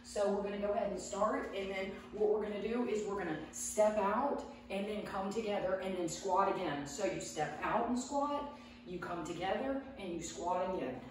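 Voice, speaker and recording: A woman's voice: mid-range voice, normal speed, slight background noise. A woman chatting casually while she leads a home workout, out of breath as she exercises. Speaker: fitness vlogger. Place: home room. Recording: very echoey room from far off.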